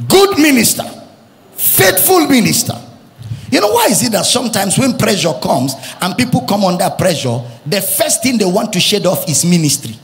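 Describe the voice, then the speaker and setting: A male pastor with a Nigerian accent preaching an impassioned sermon, shouting and chanting at the peaks. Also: very high-pitched, very animated, moderate pace, gravelly. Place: church hall. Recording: music and long reverb of a big hall.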